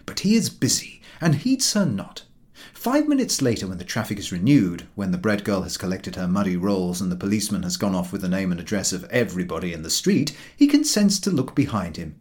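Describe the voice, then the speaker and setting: A man's voice: deep voice, very animated, a little fast, a little mellow. A man reading a humorous book aloud in a dry, ironic way. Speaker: audiobook reader.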